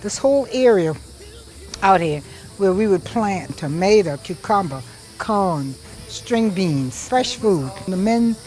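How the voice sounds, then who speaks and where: A South Carolina chef and cookbook author with a Gullah Geechee accent chats casually and proudly while cooking outdoors at a family cookout. Her mid-range voice has lively intonation and a darkish tone, and she takes her time. Homey and proud, she explains each step as she works.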